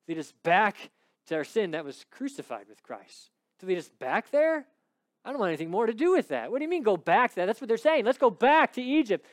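A man preaching a sermon and reading scripture aloud. He rises high when he stresses a point, then drops low and quiet. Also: no echo, clean studio sound.

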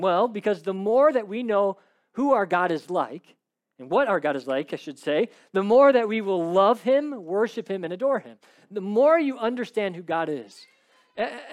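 Man, pastor, higher voice, emphatic sermon, rhetorical questions. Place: church service.

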